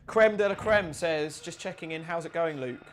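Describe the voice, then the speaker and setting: A man's voice: fairly high pitch, normal speed, a little hiss or hum. A man streaming a game live, chatting as he plays, thinking aloud and reading out chat messages and donations. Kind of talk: live game playthrough commentary.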